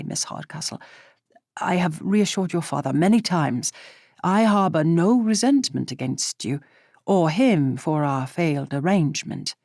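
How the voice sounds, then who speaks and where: A woman voicing a tactful, gentle gentleman who speaks formally and politely. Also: deep voice, no echo, clean studio sound. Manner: polite, formal Regency speech.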